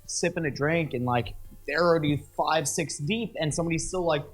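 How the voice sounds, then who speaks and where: A man's voice: fairly high pitch, a little fast, soft background music. A young man co-hosting a casual podcast chat, talking candidly and swearing, often acting out what other people said. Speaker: podcast co-host.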